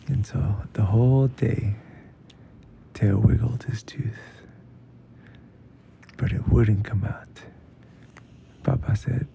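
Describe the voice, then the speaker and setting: A man telling a bedtime story in a hushed voice that often drops to a whisper. He speaks slowly, with a very dark, mellow tone and a heavy gravelly texture. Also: fairly low pitch, steady tone, lo-fi sound, a little hiss or hum. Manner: hushed, often whispering, mixes in Spanish phrases. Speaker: storyteller host.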